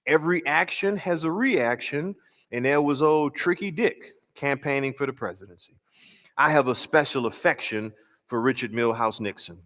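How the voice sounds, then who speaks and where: A male pastor gives a workshop lecture in a medium-pitched, fairly bright, mid-range voice. He speaks in a measured, emphatic way, slowing on key phrases and asking rhetorical questions. A long hall reverb makes his voice ring.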